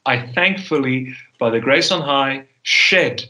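A man's voice: medium pitch, animated, slow pace, sharp tone, poor audio. A man from South Africa hosting a podcast, chatting casually in formal, elaborate wording. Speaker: podcast host. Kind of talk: casual chat.

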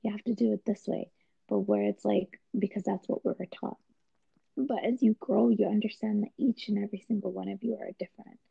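Very gravelly, husky-voiced woman chatting. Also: mid-range voice, steady tone, brisk, no echo. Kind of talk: casual chat. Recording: dull lo-fi recording.

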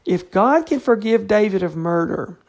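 Woman, Bible teacher, relaxed unscripted delivery, some fry in the voice. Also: medium pitch, moderate pace. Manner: conversational, fills with "you know", restarts often. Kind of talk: informal Bible study talk.

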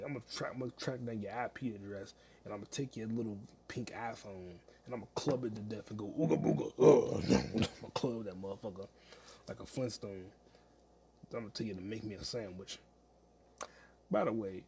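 A man's voice: medium pitch, a little mellow, slight background noise. A young man hosting a solo podcast from home, ranting with heavy profanity and frequent laughter. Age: young adult. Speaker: podcast host. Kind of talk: casual solo podcast rant.

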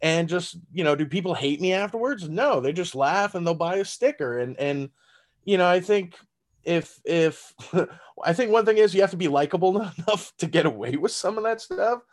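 A Texas man with a Southern accent, speaking in a high, animated voice at a moderate pace. He's a stand-up comedian chatting casually on a podcast, laughing often and talking loosely with plenty of fillers and swearing.

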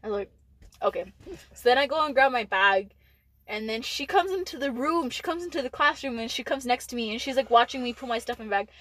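A woman's voice: on the high side, animated, fast talker, fairly bright tone, low-quality recording. Rambling, cursing teenage girl storyteller. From Texas. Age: late teens. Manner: rambling, heavy use of "like", frequent swearing. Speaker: podcast co-host. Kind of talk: casual storytelling chat.

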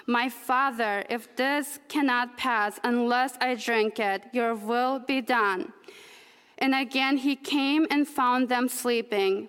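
A woman with a Russian accent reads scripture aloud to a congregation at a very slow, careful pace. Her voice is smooth and clear, fairly high, and rings through a church sanctuary with a long reverb. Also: fairly bright tone. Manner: slow, careful, deliberate reading. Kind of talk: scripture reading.

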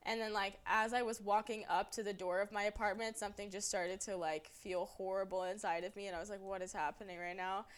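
A woman's voice: medium pitch, fast talker, hardly any pauses. A young woman co-hosting a podcast, telling stories in casual, profane chat with lots of energy. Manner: animated, profane storytelling. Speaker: podcast co-host.

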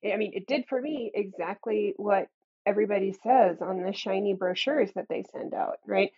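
Candid woman professor, earnest and wry, husky voice on dull lo-fi audio. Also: medium pitch, normal speed. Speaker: guest, math professor. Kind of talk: conversational interview.

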